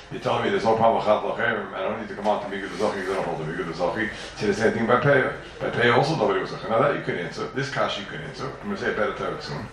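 This Talmud teacher speaks with fairly low pitch, vocal fry, and a fairly bright tone, giving a fast yeshiva-style lecture. His delivery is questioning, sing-song and emphatic, with repeated phrases throughout. Roomy echo and a little hiss or hum come through, his voice distant from the mic.

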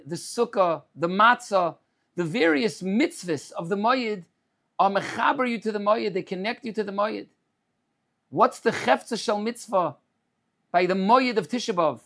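A rabbi delivers a Torah sermon in a light, high-pitched male voice. He talks in a measured way, circling back on his phrases and weaving in Hebrew terms. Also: gravelly, a bit bright.

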